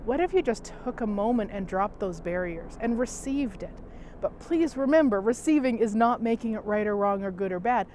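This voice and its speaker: Woman, middle-aged, self-help talk, gentle, unhurried, repeats phrases, soft sighs, middle pitch. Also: expressive, slight background noise. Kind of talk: reflective personal talk.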